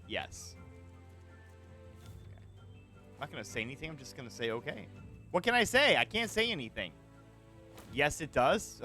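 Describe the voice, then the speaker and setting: Man, streamer, live gameplay commentary, lively swinging pitch, slightly high voice, swears, talks to viewers, faint music behind. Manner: animated, swearing, chatting with viewers.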